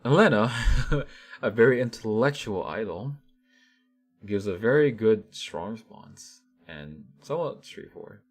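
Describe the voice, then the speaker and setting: Male vlogger, deep-pitched, animated rambling commentary. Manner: animated, rambling, many restarts and fillers. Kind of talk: casual ranting commentary.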